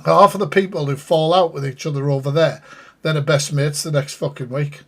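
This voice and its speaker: A man's voice: fairly high pitch, fairly even intonation, fairly quick. A man giving sweary, exasperated live reaction commentary and talking to his chat. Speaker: streamer reacting to a live stream.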